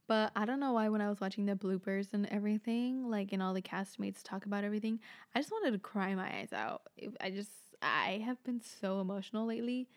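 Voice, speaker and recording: A woman's voice: mid-range voice, brisk. A young woman hosting a solo podcast, rambling casually with lots of fillers and swearing. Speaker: podcast host.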